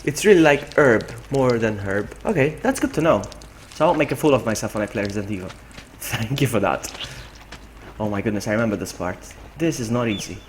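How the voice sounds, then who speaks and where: A man's voice: fairly low pitch, expressive, fairly quick, slight background noise, low-quality recording. A man from Malta, chatting casually and rambling while streaming a game. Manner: chatty, rambling, laughs at himself. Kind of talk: casual live-stream chat.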